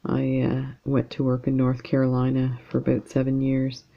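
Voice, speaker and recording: A woman's voice: rumbling low, monotone, normal speed, gravelly, muffled recording. A woman with a casual, rambling way of talking, chatting to viewers while she works on a beading project at home. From Canada. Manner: rambling, chatty, lots of fillers. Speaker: beading channel host.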